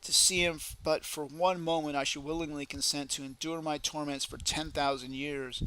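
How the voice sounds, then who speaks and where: A man's voice: a little high, fairly even intonation, moderate pace, bright, forceful tone, clean tone, low-quality recording. A man reading the lines of a despairing male demon in hell in a solemn reading voice.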